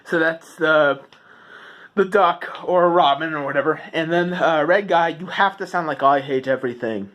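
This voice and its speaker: A young man casually explaining how to do character voices, halting with lots of filler words. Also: on the high side, a bit bright, muffled recording. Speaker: impressions tutorial maker.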